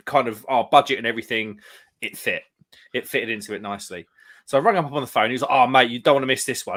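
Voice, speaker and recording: A man's voice: mid-range voice, fairly bright tone. Rambling man telling a story. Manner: rambling anecdote teller, acts out quotes. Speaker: live stream co-host. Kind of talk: casual pub chat.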